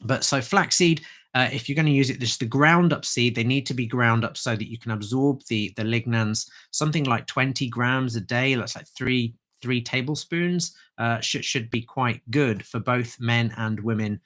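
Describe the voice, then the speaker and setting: A man's voice: medium pitch, normal speed, a bit bright. Man explaining herbs in a casual livestream. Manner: chatty, informal explaining. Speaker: herbalist. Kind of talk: livestream talk on herbal medicine.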